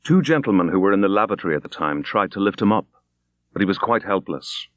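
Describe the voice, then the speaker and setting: A man reading a classic short story aloud in a measured, grave, unhurried manner as an audiobook narrator. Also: low voice, lively intonation, a bit bright, no room sound, dull audio. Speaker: audiobook reader. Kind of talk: scripted literary narration.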